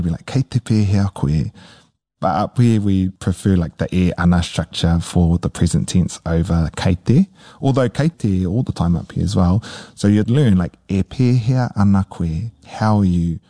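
A man's voice: low-pitched, mellow, no room sound, clean studio sound. A young man from Northland, New Zealand, with a Northland Māori accent, chatting casually and easily, slipping between English and Māori. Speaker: guest. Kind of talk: casual storytelling interview.

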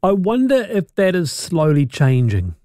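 A male radio host with a mellow, relaxed tone, recorded dry and close in the studio. He asks his questions conversationally, with some hesitant restarts. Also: on the high side, measured pace, no room sound. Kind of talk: radio interview.

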